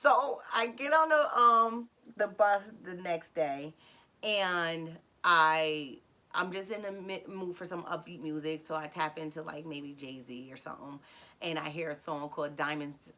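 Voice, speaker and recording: A woman telling a personal story to her viewers in a casual, animated way. She acts out what people said and talks to her audience directly. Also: lowish voice.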